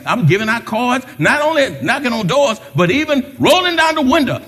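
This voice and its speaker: A man preaching a sermon as pastor, animated, with call-outs and retold conversations. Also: high voice, fast, hardly any pauses, husky. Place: church sanctuary. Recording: long reverb of a large hall.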